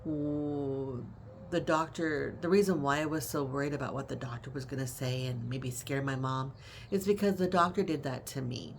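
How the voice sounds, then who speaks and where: A woman's voice: rumbling low, normal speed, gravelly, a little hiss or hum. A middle-aged woman who cares for her mother tells her story in a casual vlog, with emphatic, conversational retelling. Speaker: family caregiver.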